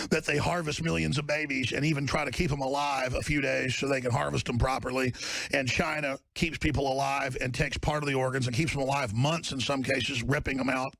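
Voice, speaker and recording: A high-pitched, gravelly man rants furiously, his voice cracking up into bellowing shouts. The recording is dry and close, with no room sound. He sounds like a fired-up political commentator. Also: no echo. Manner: fiery, bellowing, swings into shouts. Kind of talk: angry ranting monologue.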